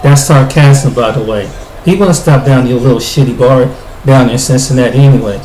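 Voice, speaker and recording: A man's voice: mid-range voice, moderate pace. A man from the United States giving blunt spoken commentary, stumbling over his words and restarting often. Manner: blunt, repetitive, with frequent restarts. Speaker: video commentator. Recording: echoey room with faint noise.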